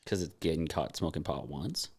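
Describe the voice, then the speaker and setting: A man's voice: rumbling low, moderate pace, husky. A man hosting a podcast, asking blunt questions and cracking jokes in casual chat. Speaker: podcast host.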